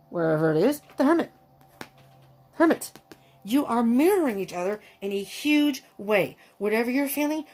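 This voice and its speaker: Excitable woman reading tarot cards. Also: a little high. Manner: gushing, excitable, restarts and exclamations. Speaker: tarot reader.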